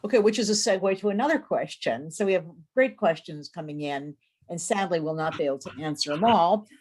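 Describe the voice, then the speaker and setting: A woman's voice: fairly low pitch, expressive, brisk, darkish tone. A woman professor moderating a virtual lecture, reading out audience questions with frequent hesitations. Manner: hesitant, many ums while reading out questions. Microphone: video call.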